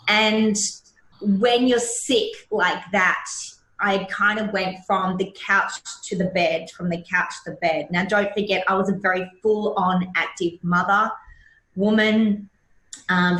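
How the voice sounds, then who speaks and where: Woman in her 40s telling her story, emotional n blunt, cusses a lot, mid pitch, echoey room. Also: a bit bright. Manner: emotional, blunt, swears freely. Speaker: podcast guest, hypnotherapist. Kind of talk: candid personal storytelling. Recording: roomy echo.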